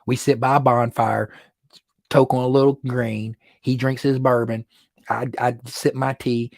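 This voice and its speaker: A man's voice: mid-range voice, unhurried, creaky, no echo. Guy doing a live stream from his studio, jokey and loose, dry close sound. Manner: joking, animated, laughs often. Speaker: livestream host. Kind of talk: casual livestream talk. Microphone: phone or computer livestream.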